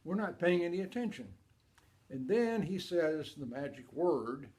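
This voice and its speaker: An older man from Kentucky performing a family story with a slightly high voice. He tells it with animated swings from loud to hushed. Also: unhurried.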